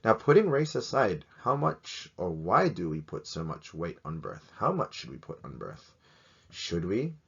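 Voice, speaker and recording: A man teaches a casual video lesson in a somewhat low voice, cracking jokes and throwing out question after question. The sound is a little dull and lo-fi. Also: huge pitch swings, unhurried, creaky, fairly bright tone, slightly rough. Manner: joking, rambling, asks many questions. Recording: slightly dull lo-fi recording.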